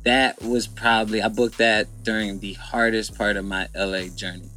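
A man's voice: fairly low pitch, level tone, normal speed, sharp tone, soft background music. A young man, a podcast guest, telling his story candidly and bluntly, with slang and swearing.

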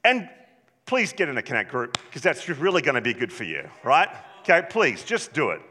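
A man preaching a sermon as pastor, passionate and building up to shouts at times. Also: medium pitch, big pitch swings, moderate pace, in a large hall.

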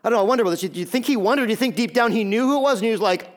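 A man's voice: high-pitched, rapid-fire. A man preaching a sermon as pastor, emphatic, often repeating a word as he starts a phrase.

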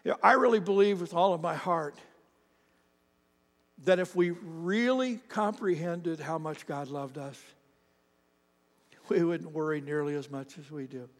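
A man preaching a sermon as pastor, telling stories with animated emphasis that rises to shouts at the peaks. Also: fairly high pitch, measured pace, long pauses, long reverb tail. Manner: animated storytelling, rising to shouts at climaxes.

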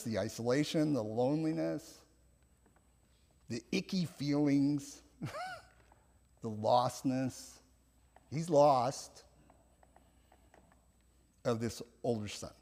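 Slow, lively man preaching in echoing hall. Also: fairly high pitch. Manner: reflective, gentle, with soft laughs and restarts. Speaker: pastor. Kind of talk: sermon. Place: church.

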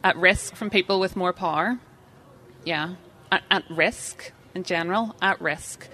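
A woman's voice: lowish voice, measured pace, pushed and bright. A woman giving an interactive live seminar talk, chatty and self-deprecating, putting questions to the audience. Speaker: seminar speaker.

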